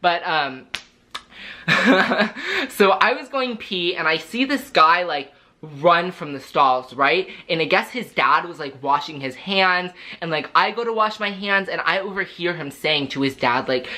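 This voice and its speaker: A young man telling storytime anecdotes in a vlog, chatty and animated, packed with filler words. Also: sits high, measured pace. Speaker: vlogger.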